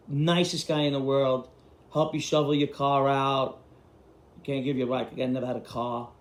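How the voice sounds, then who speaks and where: A man telling blunt, profane street stories in a casual way. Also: mid-range voice. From Queens, New York. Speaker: storyteller host. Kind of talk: casual storytelling. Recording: roomy echo.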